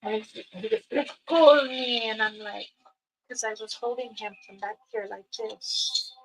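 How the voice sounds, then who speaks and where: A woman telling a personal story slowly and unhurriedly, acting out what others said and reciting prayers. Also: fairly high pitch, steady tone, slight background noise, rough recording. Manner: slow, unhurried, acts out others' lines. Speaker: storyteller, spiritual elder. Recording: music playing behind.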